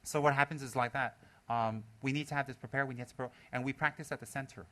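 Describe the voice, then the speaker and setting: A man's voice: mid-range voice, fast. A male Buddhist lama giving a humorous dharma talk to his students. He talks animatedly, laughing and mimicking people as he goes. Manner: animated, acts out students' voices with gasps and laughter.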